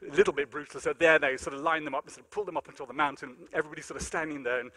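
A man giving a lecture in a large conference hall, telling animated, self-deprecating stories. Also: on the high side, very fast. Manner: animated, self-deprecating anecdotes, many fillers. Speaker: keynote lecturer. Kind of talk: storytelling lecture with acted-out dialogue.

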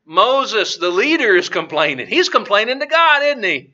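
A male preacher teaches a Bible lesson in a chatty way, asking the audience questions and chuckling. His voice is very high and strikingly bright. The recording sounds dull and lo-fi. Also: very animated, normal speed, hardly any pauses.

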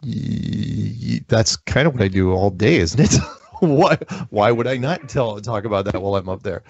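A man's voice: on the low side, animated, moderate pace, vocal fry, darkish tone, lo-fi sound. A man hosting a call-in show, joking and rambling, laughing often. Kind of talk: casual call-in chat.

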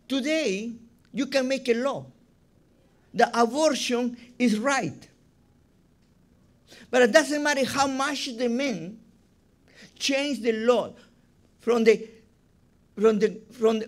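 This rabbi's sermon comes from a man with a fairly high voice for his sex who takes his time with each line. He drives points home by repeating words, and his wording carries a non-native feel.

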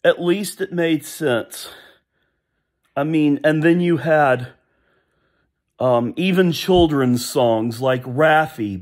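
A vlogger in his thirties speaks slowly in a fairly high-pitched voice. His casual opinion monologue is rambling and nostalgic, and he often hums or sings short snippets of old songs along the way.

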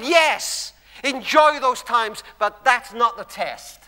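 A man preaching a sermon in a church, telling stories emphatically and dropping to hushed tones. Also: extremely high pitch, slow. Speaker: guest preacher. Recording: long church hall reverb.

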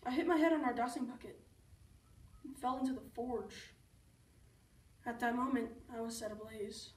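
A woman with a somewhat high voice recites a first-person poem. She reads deliberately, with pauses. She is recorded from a distance in an echoey room. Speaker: student reader.

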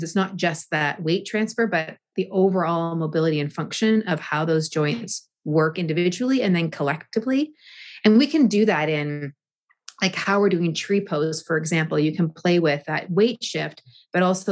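A woman guest explaining balance and breathing in yoga, speaking slowly and deliberately with frequent restarts. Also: on the low side. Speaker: yoga and movement teacher, guest. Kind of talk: thoughtful interview answers.

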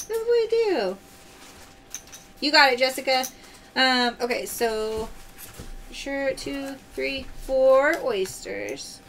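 A bright, high-pitched woman hosts a live pearl-selling stream, calling out prizes and pearl colors with upbeat cheer. She speaks at an unhurried pace, and faint noise sits under her voice. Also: expressive.

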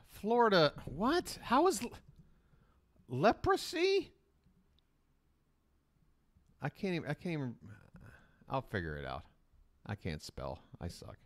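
A man's voice: fairly high pitch, unhurried, pauses often, no room sound. Rambling, swearing male stream host. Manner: rambling, profane, animated. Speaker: live-stream reaction host. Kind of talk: casual reaction commentary.

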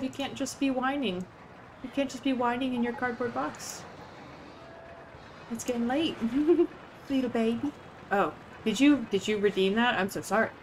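A woman's voice: medium pitch, a little hiss or hum, rough recording. A young woman on a casual gaming livestream, rambling, giggling and swearing now and then as she chats with viewers. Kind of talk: casual gaming stream chat.

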